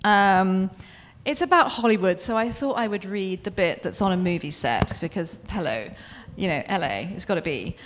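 Chatty British woman author, lively voice. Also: medium pitch, normal speed, hardly any pauses, background noise. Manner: chatty, self-deprecating, giggly. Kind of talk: book event talk and reading.

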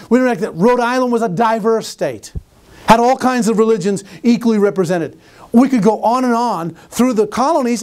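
A man giving a lecture with stories, animated, asking his audience questions and often restarting his phrases. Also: high voice. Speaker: conference speaker and teacher. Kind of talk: lecture with storytelling.

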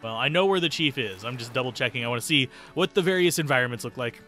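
A man's voice: medium pitch, animated, fast, pushed and bright, faint music behind. A man streaming a video game playthrough, reading the dialogue aloud and cracking jokes in a playful way.

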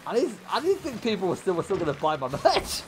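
A man's voice: sits high, wildly swooping pitch, fast, slight background noise. A man streaming, telling a profane story to chat and laughing often.

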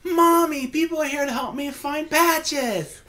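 A man's voice: measured pace, sharp tone, exaggerated voice. A man doing a tiny sweet little girl. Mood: cutesy. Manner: high cutesy little voice.

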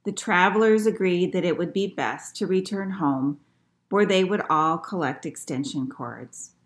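A woman librarian reading a picture book aloud to children in an expressive storytelling manner. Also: lowish voice, a little slow.

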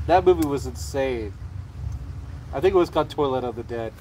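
A man's voice: mid-range voice, expressive, normal speed, mellow, a little hiss or hum. A man hosting a casual livestream, rambling and swearing freely as he chats. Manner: rambling and profane, with frequent restarts. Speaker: livestream host.

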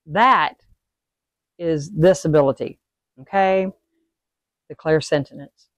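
A woman with a low voice and slow pace teaches a witchcraft lesson in a casual, instructional way, asking "okay?" or "all right?" after almost every point. She becomes animated when acting out sudden emotions, and the recording has no room sound.

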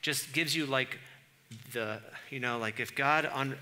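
A male pastor preaching a conversational sermon in church, moving from casual asides to loud, exasperated comic readings. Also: mid-range voice, a little slow.

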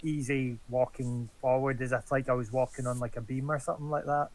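A man plays his character in a tabletop game, thinking aloud in halting, joking bits full of fillers. His voice sits at an ordinary middle pitch, heard over what sounds like a home voice call. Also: flat delivery, poor audio. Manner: hesitant, jokey, full of fillers. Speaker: player.

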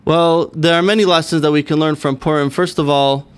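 Smooth-voiced rabbi guest explaining. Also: male voice, fairly high pitch, fairly even intonation, fairly quick. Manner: hesitant, many fillers, earnest. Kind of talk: explaining on a radio talk show. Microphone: studio microphone.

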